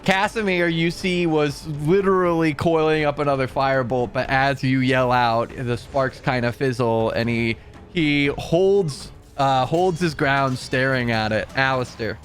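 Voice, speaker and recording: A man's voice: medium pitch, faint music behind. Man running a tabletop game. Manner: halting, descriptive narration with fillers. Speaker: game master.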